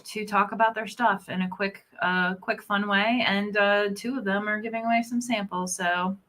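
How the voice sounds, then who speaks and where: A woman's voice: medium pitch, fairly even intonation, normal speed, sharp tone. A woman co-hosting a casual live-stream chat, upbeat and chatty. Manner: upbeat, chatty, laughs often. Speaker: co-host.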